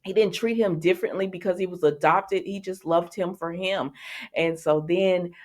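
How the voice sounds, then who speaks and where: A woman vlogger casually recapping soap opera episodes, chatty and animated, with laughs and acted-out quotes. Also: fairly low pitch, normal speed.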